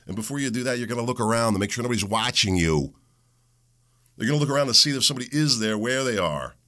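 A man's voice: medium pitch, animated, quick pace, pushed and bright. A man hosting his own talk show, ranting in an angry opinion monologue and mocking the people he quotes. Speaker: podcast host.

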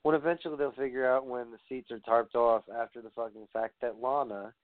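A man's voice: mid-range voice, steady tone, fairly quick, dry recording. A man giving a rambling, profane rant as a wrestling commentator, sounding exasperated. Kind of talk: ranting podcast commentary. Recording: dry tinny phone-like audio.

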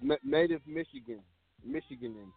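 Man, radio call-in host, joking banter, lively pitch, phone-line sound. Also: normal speed, creaky, slightly rough, no echo, soft background music. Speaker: radio talk show host. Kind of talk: casual call-in radio chat.

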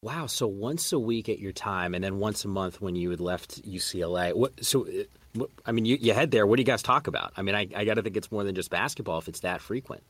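Low-voiced man hosting a sports podcast. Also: lively intonation, quick pace, fairly bright tone, no room sound. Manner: friendly, chatty questions. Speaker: podcast host. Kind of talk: casual interview.

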